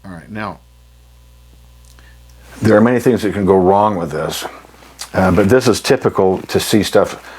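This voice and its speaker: A man teaching jazz articulation in a plain-spoken, emphatic way. He often clears his throat and scats rhythms to show a point. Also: low-pitched, a little slow, pauses often, rough recording. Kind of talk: instructional demonstration.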